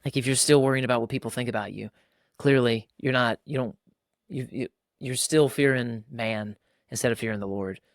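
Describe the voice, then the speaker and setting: A man in his thirties co-hosting a casual faith-based parenting chat, animated and acting out fathers and kids in quick voices. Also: mid-range voice, dry recording, clean studio sound. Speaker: podcast co-host.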